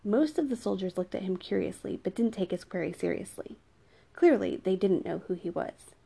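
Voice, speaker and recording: A woman narrating a novel in an even storytelling manner. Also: mid-range voice, normal speed, creaky, husky. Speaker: audiobook narrator. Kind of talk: scripted narration.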